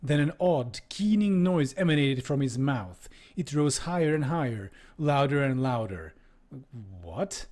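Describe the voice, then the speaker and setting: A man's voice: medium pitch, expressive, unhurried, darkish tone. A man streaming, reading a book aloud and commenting on it in a casual tone, with lots of swearing and laughter.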